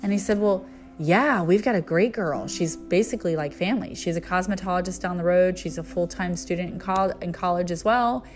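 A woman's voice: on the low side, brisk, soft background music. A middle-aged woman hosting a spiritual message, telling a personal story and then preaching in an earnest, storytelling way. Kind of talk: inspirational spiritual talk.

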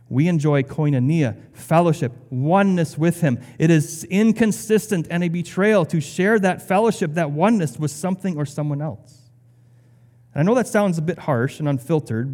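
A man's voice: on the high side, darkish tone, big-room sound. A male pastor delivering a sermon in a conversational way, with sarcastic asides.

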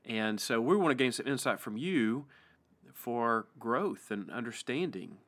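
A man with an East Tennessee accent, a pastor hosting a casual podcast interview, friendly and halting with frequent restarts. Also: medium pitch, lively intonation, a bit bright.

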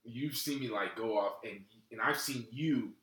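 A man hosting a relaxed podcast chat, easygoing and calling his guest bro. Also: medium pitch, moderate pace, reverberant, rough recording. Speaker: podcast host. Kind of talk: casual chat.

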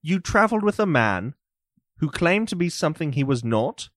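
A man's voice: a little high, very animated, fairly bright tone, no echo, clean studio sound, pitched above the performer's own voice. Man voicing a stern, suspicious old magister. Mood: interrogating. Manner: slow, clipped, incredulous questioning.

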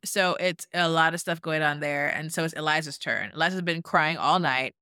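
Woman, podcast co-host, casual recap, lively quoting, bright tone, dry sound. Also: sits low, normal speed, clean tone, no room sound. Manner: animated storyteller, acts out quotes.

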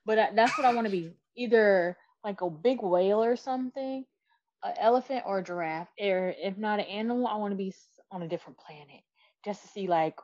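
A woman's voice: medium pitch, a little fast, darkish tone, lo-fi sound. A woman talking loosely and frankly in a casual chat, rambling and swearing freely.

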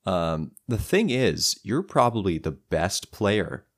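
Deep-voiced young man running a game. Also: very animated, takes it slowly. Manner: loose, improvising with many restarts. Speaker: game master. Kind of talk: narrating a tabletop game.

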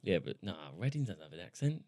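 A man's voice: sits low, sing-song, quick pace, dark tone, no echo, studio quality. A young man co-hosting a podcast, chatting casually, laughing often and swearing freely. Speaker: podcast co-host. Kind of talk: casual chat.

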